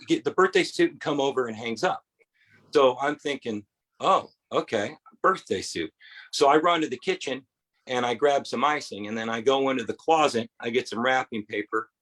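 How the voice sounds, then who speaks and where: A man's voice: medium pitch, fairly bright tone, poor audio. Man, stand-up comic, rambling set, quoted voices, bar stage. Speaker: stand-up comedian.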